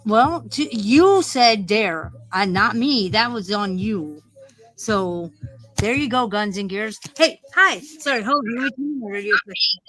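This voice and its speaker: A woman's voice: medium pitch, animated, unhurried, a bit bright, faint music behind, low-quality recording. A woman hosting a casual livestream, talking in a profane, rambling and easily distracted way. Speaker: livestream host.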